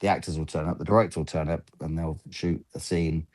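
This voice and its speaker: A man's voice: very deep voice, fairly even intonation, quick pace, a little mellow. A man in his fifties, a film lighting gaffer, chatting in an interview and rambling through anecdotes while acting out the exchanges he recalls. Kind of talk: casual interview storytelling.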